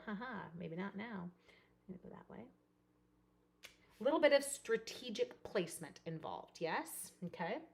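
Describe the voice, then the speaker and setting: A middle-aged woman chatting through a live craft demonstration, greeting viewers by name and dropping to soft murmurs while she works. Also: on the low side. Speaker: card-making demonstrator.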